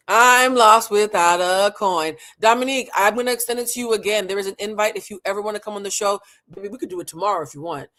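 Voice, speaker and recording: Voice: mid-range voice, a bit bright. A livestream host giving impassioned commentary on a talk show and calling listeners honey and baby.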